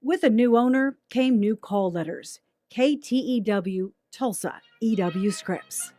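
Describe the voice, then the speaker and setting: A woman news anchor giving measured, polished documentary narration. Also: a little high, mellow, soft background music.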